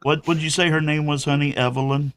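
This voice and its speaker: A man's voice: on the high side, flat delivery, quick pace, a bit bright. A man in a casual stream chat who teases his friends and calls them honey. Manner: teasing, calls people honey.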